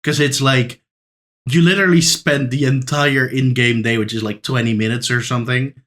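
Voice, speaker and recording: A man co-hosting a casual podcast, talking in halting restarts and swearing casually. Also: mid-range voice, steady tone, fairly bright tone. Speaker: podcast co-host. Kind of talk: casual chat.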